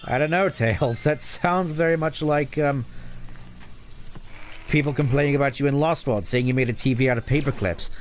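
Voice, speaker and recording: Dude voicing sonic, cocky teasing hedgehog, game music faint in back. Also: male voice, mid-range voice, normal speed, pitched above the performer's own voice, lightly acted. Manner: teasing, sarcastic. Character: cocky young male hedgehog hero.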